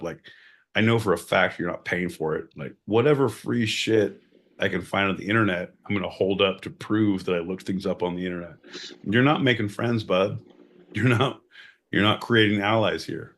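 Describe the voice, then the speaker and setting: A man's voice: sits low, moderate pace. A man co-hosting a podcast, bantering sardonically with mock-grand announcements and frequent swearing. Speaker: podcast co-host. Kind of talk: casual comedic banter.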